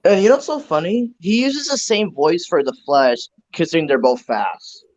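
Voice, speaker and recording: A man co-hosting a casual online fan discussion, animated and eager to add trivia. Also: a little high, normal speed, lo-fi sound. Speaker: co-host.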